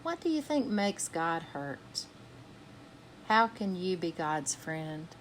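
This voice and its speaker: A woman reads a children's picture book aloud in a slow, unhurried way, with a fairly low voice. She is gentle and stops to put soft questions to young listeners. A faint hiss of noise sits under the recording. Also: very animated. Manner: gentle, asks listeners questions between passages. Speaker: children's storytime reader.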